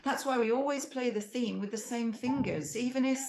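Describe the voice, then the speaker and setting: Speaking at a moderate pace in a fairly high voice, a woman from Russia patiently walks through piano technique. This piano teacher sings phrases to illustrate the lesson, with faint piano heard in the background.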